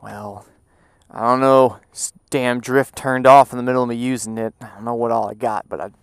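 A man riding a motorcycle and talking through a helmet mic, rambling and cursing, sometimes breaking into loud shouts. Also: mid-range voice, fairly even intonation, normal speed, clear, resonant tone, no room sound, clean studio sound. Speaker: motorcycle vlogger. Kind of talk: casual ride commentary. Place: on a motorcycle outdoors. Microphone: helmet Bluetooth mic while riding.

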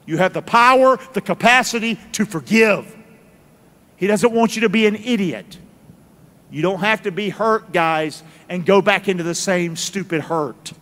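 A man's voice: high voice, a bit bright, long reverb tail. A middle-aged man, a pastor, preaching a sermon and calling on the congregation to answer him, repeating key phrases. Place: large church sanctuary.

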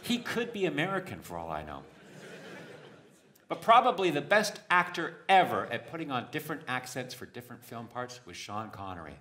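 A man performing stand-up comedy on stage, with a deadpan, punning delivery. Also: medium pitch, moderate pace. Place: stage before a live audience.

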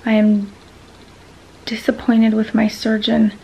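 Woman venting in a vlog, kinda high voice, lots of ums, bit lo-fi sound. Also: monotone, slow, gravelly, warm tone, breathy edge. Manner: frustrated, venting, many ums. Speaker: vlogger sharing a medical experience. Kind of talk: casual talking-to-camera vlog.

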